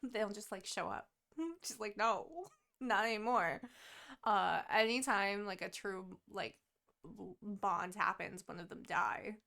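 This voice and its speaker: A young woman recapping a book in casual podcast chat, animated and laughing, swearing freely as she quotes the characters. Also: medium pitch, unhurried, creaky. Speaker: podcast co-host.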